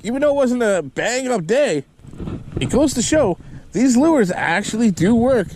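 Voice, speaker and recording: A man hosting a fishing vlog from the water, his voice high and bouncing through a wide range. He chats through his tackle and whoops at each catch. Steady outdoor noise sits under the recording. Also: moderate pace. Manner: excitable, whoops loudly at catches. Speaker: fishing channel host.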